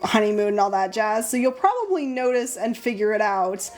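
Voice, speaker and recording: A young woman hosting a casual live stream, chatting with viewers while she draws, bubbly and easily excited. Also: mid-range voice, a little fast, soft background music. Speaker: live-stream host and sticker artist.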